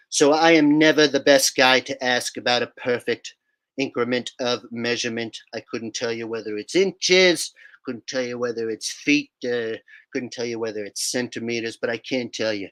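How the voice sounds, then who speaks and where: A man's voice: mid-range voice, moderate pace, a bit bright, voice pushed down, close to an everyday voice. A man doing an impression of a boastful older male politician, rambling and repeating himself. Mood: bragging. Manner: rambling, boastful, repeats phrases with hand gestures.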